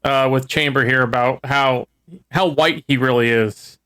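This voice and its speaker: A man's voice: mid-range voice, steady tone, unhurried, pushed and bright, clean tone. A man with a mid-range voice co-hosting a casual comedy podcast. His delivery is dry, and he drops in wry quips. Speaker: podcast co-host.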